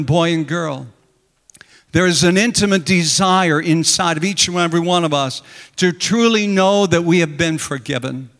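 A man's voice: sits high, a bit bright, big-room sound. A man preaching a sermon, retelling scripture with dramatic storytelling and acting out the quoted lines. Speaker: pastor.

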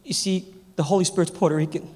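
A man who is a pastor, preaching a sermon to a congregation in a church, telling funny stories that build to shouted praise. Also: high voice, fairly even intonation, quick pace, a little hiss or hum. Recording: long hall reverb, faint congregation.

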